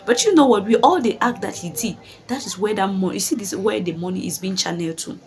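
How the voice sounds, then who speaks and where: A woman's voice: medium pitch, animated, quick pace, a little mellow. A woman vlogging commentary who talks emphatically, asks rhetorical questions, repeats her phrases and calls her viewers guys. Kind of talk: commentary vlog.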